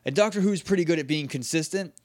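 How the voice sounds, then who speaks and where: A man co-hosting a podcast, talking casually in an animated, quick way and laughing often. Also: on the high side, no echo, studio quality. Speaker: podcast co-host. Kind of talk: casual chat.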